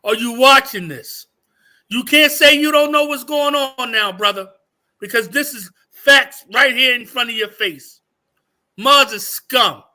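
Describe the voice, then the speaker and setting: A man's voice: extremely high pitch, unhurried, pushed and bright. A man hosting a livestream, ranting angrily and profanely, repeating himself for emphasis. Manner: profane, heated, repeats phrases. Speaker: livestream host. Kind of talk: angry livestream rant.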